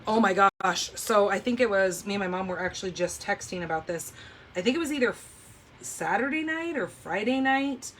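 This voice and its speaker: A talkative woman hosts a live papercraft class from her craft table at home. Her voice is mid-pitched and casual, full of "like" and "oh my gosh" as she tells stories. Faint background noise sits under her voice. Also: normal speed. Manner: chatty, animated storyteller, says "oh my gosh" and "like" a lot. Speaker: papercraft livestream host. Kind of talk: casual chat while demonstrating card making.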